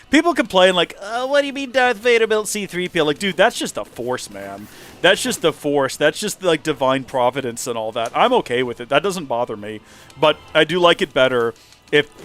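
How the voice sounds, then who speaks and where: Brief: male gaming streamer, slightly high pitch, animated tangents, casual delivery. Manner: rambling, animated, acts out quotes. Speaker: let's play streamer. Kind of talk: casual gaming livestream commentary.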